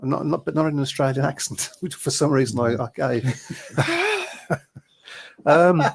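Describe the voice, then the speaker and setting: Gravelly-voiced man hosting a podcast. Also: a little high, wildly swooping pitch, measured pace. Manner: chatty, chuckles often, reads out messages. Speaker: podcast host reading listener messages. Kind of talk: casual chat.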